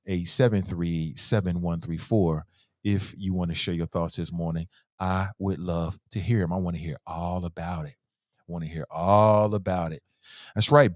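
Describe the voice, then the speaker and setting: A man's voice: sits low, moderate pace, no room sound, studio quality. A middle-aged man hosting a casual morning talk show, rambling along and repeating phrases for emphasis. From Cincinnati. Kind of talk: casual live-stream talk.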